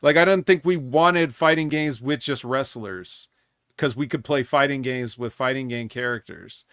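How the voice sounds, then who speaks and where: A man's voice: medium pitch, normal speed, fairly bright tone, no room sound, clean studio sound. A man on a podcast panel in casual chat, thoughtful and hedging, often restarting sentences.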